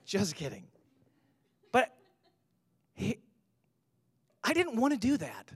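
A man's voice: sits high, huge pitch swings, takes it slowly, breathy edge, no room sound, clean studio sound. A man in his thirties, a pastor giving a sermon, telling a personal story with humor and rising to emphatic points.

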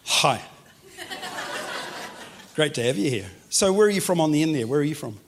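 NZ pastor, chatty sermon, a bit high-pitched, talks straight to the crowd. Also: male voice, expressive, moderate pace, a little hiss or hum. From New Zealand. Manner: chatty and joking, addresses the crowd directly. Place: church hall with congregation.

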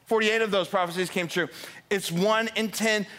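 High-voiced fired-up pastor preaching. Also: male voice, moderate pace. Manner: energetic, builds to fired-up emphasis, asks the congregation questions. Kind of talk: sermon. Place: church sanctuary.

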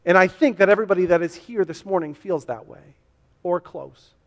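A man's voice: high voice, brisk. A man pastor preaching a sermon in a church, earnest and repetitive, voicing the questions his listeners ask. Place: church sanctuary. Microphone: to a camera for online viewers. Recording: long hall reverb.

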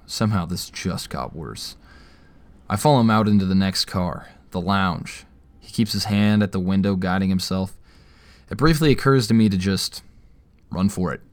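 Low-voiced man narrating wryly. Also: moderate pace, no room sound. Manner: wry, tense inner monologue. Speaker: first-person narrator. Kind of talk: audio drama narration.

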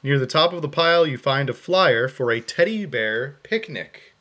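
A man's voice: mid-range voice, animated, normal speed, sharp tone. A man co-hosting a podcast, playing a text adventure and reading its game text aloud with amused asides. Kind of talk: casual play-through with read-aloud game text.

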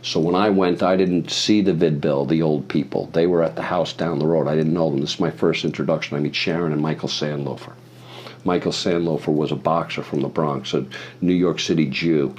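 Brief: low-voiced male guest, profane rambling storyteller, loose and chatty. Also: steady tone, a little fast, a little mellow, a little hiss or hum. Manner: profane, meandering, acts out other people's voices. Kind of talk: rambling anecdote in conversation.

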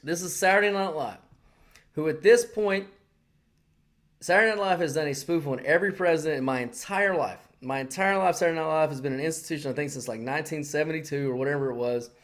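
A man's voice: fairly high pitch, fast. A man around forty, a podcast co-host, telling stories in profane casual chat and acting out the people he quotes. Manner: animated storytelling, acting out quotes.

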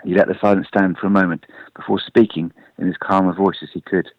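A man reads a storybook aloud in a lively, expressive way. His voice sits low and dry, with a dull lo-fi radio sound. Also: fast talker, dry recording. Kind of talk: storybook reading.

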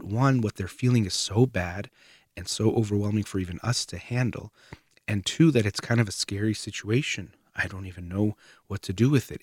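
Man, low voice, measured explainer tone, earnest, dry close sound. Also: no echo. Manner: calm, measured, earnest, trailing off softer at phrase ends. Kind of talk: explanatory talk to camera.

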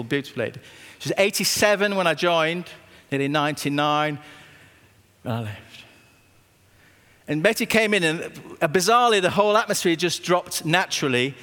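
Pastor guy preaching, slightly high voice, big echoey church hall, tells stories, slows way down on scripture bits. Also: a bit bright. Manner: anecdotal, emphatic, slows down on scripture. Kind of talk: sermon. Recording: long reverb of a hall.

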